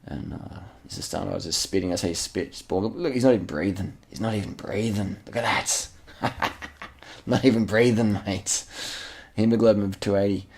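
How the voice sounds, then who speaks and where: A man with a very low, gravelly voice talks over race footage in a loose, excited way. He repeats himself, slips in slang and swears casually, like he's chatting to a mate. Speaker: channel host.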